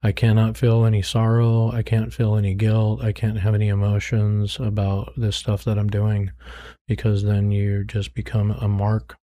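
Middle-aged man, low even voice, dark tone, earnest conversational testimony. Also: normal speed. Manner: frank, earnest, repeats himself when searching for words. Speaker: guest, former drug dealer turned ministry worker.

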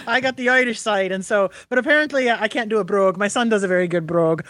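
A woman co-hosting a local radio talk show, chatting casually and rambling with quick laughs. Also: medium pitch, a bit bright, no room sound. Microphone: studio microphone.

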